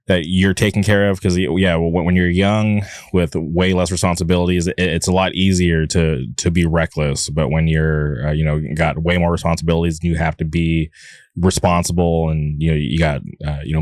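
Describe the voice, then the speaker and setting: A man from California hosting a podcast, asking questions in a halting way with many fillers and repeated words. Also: deep voice, no room sound, clean studio sound. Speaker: podcast host. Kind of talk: casual interview chat.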